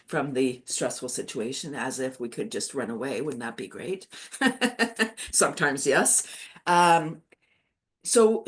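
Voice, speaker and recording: A woman leading a laughter yoga class over a video call. She talks in an upbeat, chatty way and laughs often while explaining. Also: low-pitched. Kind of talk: guided exercise class.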